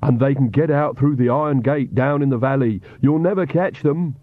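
A man voicing a hulking male castle servant, slow and sobbing. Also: mid-range voice, no echo, phone-quality sound, pitched above the performer's own voice, natural voice. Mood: glum.

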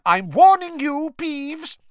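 A man voicing a stern older female teacher who barks sharp commands, in a storybook reading. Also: extremely high pitch, huge pitch swings, takes it slowly, dry recording, pitched above the performer's own voice, heavily acted. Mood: stern shouting.

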